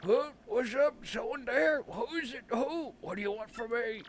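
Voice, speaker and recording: A man's voice: very high-pitched, normal speed, slight background noise, voice pushed up. A man putting on a cranky old turtle voice. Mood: suspicious. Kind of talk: reading game dialogue aloud in voices.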